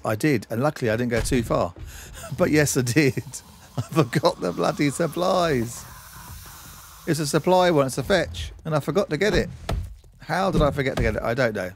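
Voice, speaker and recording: A man streaming a game, giving chatty let's-play commentary and talking to himself and to objects on screen. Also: medium pitch.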